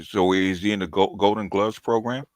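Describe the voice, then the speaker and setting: A man's voice: fairly low pitch, steady tone, moderate pace, a little hiss or hum. A man hosting a casual podcast chat, asking terse, probing questions.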